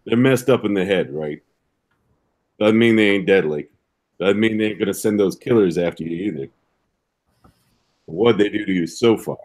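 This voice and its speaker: A man voicing a streetwise fixer who talks to the crew in gruff street slang. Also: fairly low pitch, normal speed, long pauses, a little mellow, close to an everyday voice. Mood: grim. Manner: gruff slangy street talk, ain't and gonna. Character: streetwise male gutter fixer addressing the crew.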